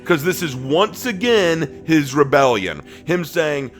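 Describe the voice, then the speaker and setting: Dramatic preaching man, soft to loud. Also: fairly high pitch, soft background music. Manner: dramatic swings between loud emphatic bursts and slow hushed phrases; acts out quoted speech with lively shifts in voice. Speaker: Bible study teacher. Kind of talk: sermon-style Bible teaching.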